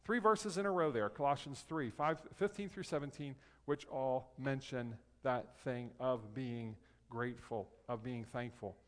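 A man preaching a conversational sermon as pastor, reading scripture aloud in slow, careful phrases. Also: mid-range voice. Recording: long hall reverb.

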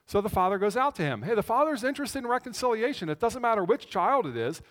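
A man preaching a conversational sermon as pastor, telling the story with animation and swinging between loud and hushed. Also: high voice, very animated, fast talker. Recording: long reverb of a large hall.

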